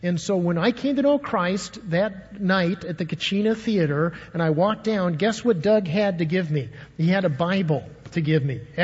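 Older male pastor, storytelling sermon, high husky voice, reverberant hall sound. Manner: storytelling, asks the congregation questions. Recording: dull, long echo of a large hall.

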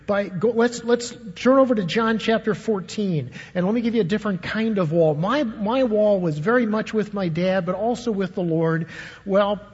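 A man's voice: high voice, normal speed, a little mellow, husky. An older man preaching a sermon, telling a personal story and putting questions to his congregation. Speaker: pastor. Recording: dull, long echo of a large hall.

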